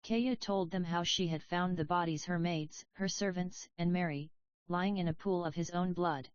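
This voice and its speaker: A woman narrating a story audiobook in an even, measured reading voice. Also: lowish voice, no room sound. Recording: dry, slightly dull audio.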